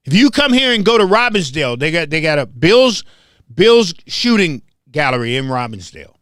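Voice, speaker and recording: Man from memphis, fired-up show host, high-pitched, lively swinging delivery, dry close sound. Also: normal speed, dry recording. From Memphis, southern US. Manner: emphatic, confrontational, repeats points for emphasis. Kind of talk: heated commentary monologue.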